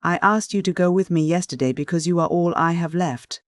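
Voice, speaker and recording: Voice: mid-range voice, a little fast, no room sound, voice pushed up, lightly acted. An audiobook reader voicing a tormented young man who confesses in despair, read in a dry, close recording. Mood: anguished. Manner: pleading, despairing dialogue. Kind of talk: audiobook character dialogue.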